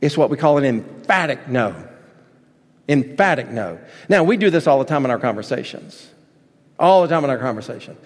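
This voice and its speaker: A man preaching a sermon as pastor, emphatic, with rising shouted points and softer asides. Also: medium pitch, animated, moderate pace. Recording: long reverb of a large hall.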